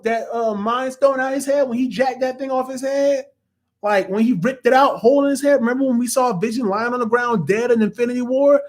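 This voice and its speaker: A young man hosting a casual spoiler review of a TV episode, excitable and animated, often acting out reactions. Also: very high voice. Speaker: reviewer and host.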